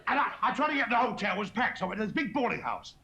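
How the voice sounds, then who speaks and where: A hoarse man giving an after-dinner comedy speech as guest of honour, trading deadpan one-liners and self-mocking asides in front of a lunch audience. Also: high voice, racing, slight background noise. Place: banquet hall before a lunch audience. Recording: muffled archive recording, echoey banquet hall, loud laughing crowd.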